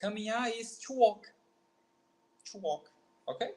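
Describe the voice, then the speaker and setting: Brazilian man hosting in halting English. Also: on the high side, a bit bright, poor audio. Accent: Brazilian Portuguese. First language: Portuguese. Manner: friendly, teaching words slowly with halting English. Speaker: podcast host. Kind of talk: casual interview chat.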